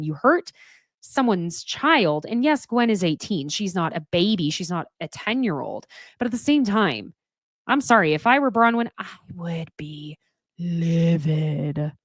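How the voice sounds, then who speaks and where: A woman's voice: on the low side, no room sound. Candid woman recapping reality TV, dry sound. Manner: candid and opinionated, swears casually. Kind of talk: casual recap commentary.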